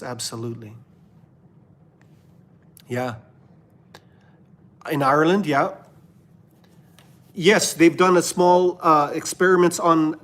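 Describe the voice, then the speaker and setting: A man from Canada hosting a livestream of religious commentary, preaching fervently and then dropping to a hushed murmur. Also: on the high side. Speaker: livestream host.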